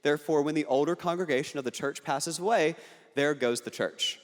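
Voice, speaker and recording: A man's voice: a little high, brisk. Earnest young man speaking in a big hall. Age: young adult. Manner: earnest, punchy delivery with jokes. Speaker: political speaker. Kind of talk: speech to an audience. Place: large hall on a university campus. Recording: hall reverb.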